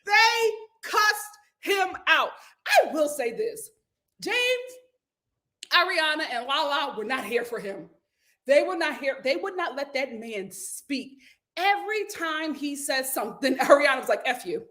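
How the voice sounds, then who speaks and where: Recapping a reality show on her casual vlog, a woman gives animated, opinionated commentary punctuated by frequent laughter. Her voice sits high and her delivery is unhurried.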